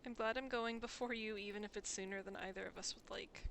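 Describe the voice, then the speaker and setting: A woman's voice: medium pitch, fairly even intonation, quick pace, vocal fry, very noisy, lightly acted. A woman reading a dying old father, tender.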